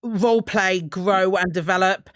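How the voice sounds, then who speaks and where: A woman's voice: mid-range voice, fairly even intonation, a little slow, no echo, clean studio sound. A woman hosting a casual podcast chat, rambling with many restarts and ums. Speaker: host.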